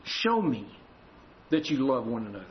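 A man's voice: mid-range voice, big pitch swings, moderate pace. A man preaching a sermon to his congregation, telling a story with acted dialogue. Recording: muffled lo-fi recording with faint room ambience.

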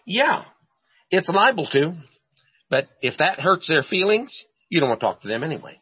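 A man's voice: a little high, very animated, moderate pace, breathy edge, dull audio. A man preaching a sermon who asks rhetorical questions and repeats his phrases for emphasis.

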